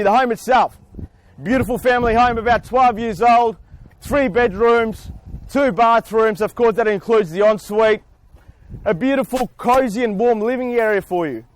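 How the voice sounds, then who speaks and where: A man, an auctioneer, speaking outdoors in front of a house with booming salesman patter and long theatrical pauses. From Australia. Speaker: real estate auctioneer.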